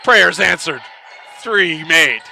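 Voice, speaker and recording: A man calls a basketball game live from an arena broadcast position. His voice is fairly high and very bright, and his delivery is chatty and lively, rising into excited calls on big plays. A faint background hiss sits under his voice. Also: slow, gravelly. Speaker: play-by-play commentator.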